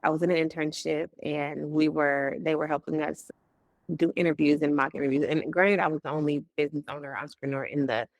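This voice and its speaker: A woman's voice: low voice, fairly even intonation, fairly quick, no room sound. A young woman, a business coach, talking casually as an interview guest, laughing often and acting out conversations she recalls. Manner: chatty, laughs often, acts out quoted talk.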